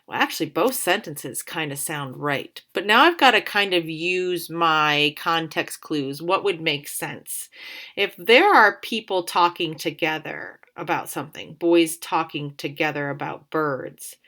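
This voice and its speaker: A woman teacher giving a recorded grammar lesson to children, speaking slowly and patiently and sounding words out. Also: sits low, sharp tone.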